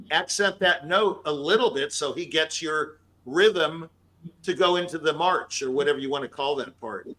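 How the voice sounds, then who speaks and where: A man's voice: a little high, normal speed, bright, forceful tone, poor audio. A man who is a pianist giving emphatic feedback to a performer and scatting melodies aloud to make his points. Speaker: pianist judging an audition.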